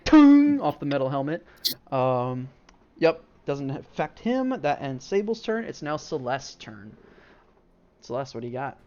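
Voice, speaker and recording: A man at medium pitch narrates a tabletop game as game master, his sing-song voice moving at a measured pace with a darkish tone. His narration is loose and packed with fillers like "like" and "um." The stream audio sounds dull and lo-fi.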